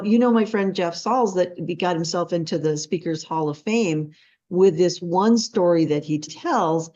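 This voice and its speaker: Woman host spinning a story, voices all the quotes, mellow tone, kinda dull lo-fi audio. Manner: animated, acts out quotes with big pitch jumps. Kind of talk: storytelling in a casual interview.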